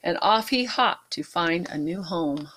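A woman at a library storytime, reading a picture book aloud to children with expressive asides. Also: lowish voice, unhurried, slight background noise. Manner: warm, expressive read-aloud with asides to kids.

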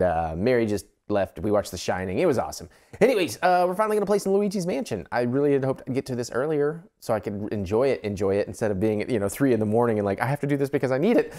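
Late at night, a man hosts a let's play with his voice kept down, chatting casually, rambling, and laughing often over video game music. His voice is on the low side with a darkish tone, and he talks quickly and with animation.

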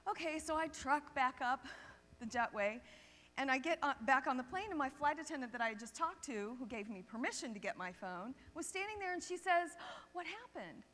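High-voiced woman telling stories in a reverberant hall. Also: brisk. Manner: lively anecdotal, addresses audience with "right?". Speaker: chiropractor speaking at a seminar. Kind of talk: storytelling seminar talk. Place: seminar hall stage. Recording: long reverb of a seminar hall.

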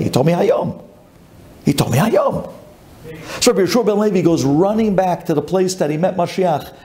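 A man, a rabbi, giving a dramatic storytelling sermon, chanting lists and swinging between high and low. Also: mellow.

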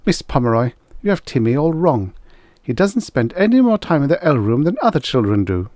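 A man's voice: medium pitch, sing-song, fairly quick, a little mellow, no room sound, studio quality, voice pushed up, close to an everyday voice. A man voicing an indignant, defensive middle-aged housewife who snaps back sharply. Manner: indignant, snappish.

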